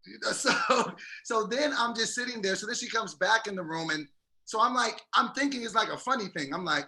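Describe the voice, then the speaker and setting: A man's voice: high-pitched, brisk. A man co-hosting a podcast, telling a story in casual chat and acting out quotes with energy. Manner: animated storyteller, acts out quotes. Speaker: podcast co-host.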